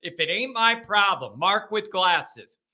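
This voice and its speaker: A man with a high, bright, sharp-edged voice hosts a casual solo chat show. He rambles and jokes in an easy conversational flow, doubling back on his words. He takes his time and never rushes. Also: animated. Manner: rambling, joking, conversational with restarts. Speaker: host of a fan call-in show.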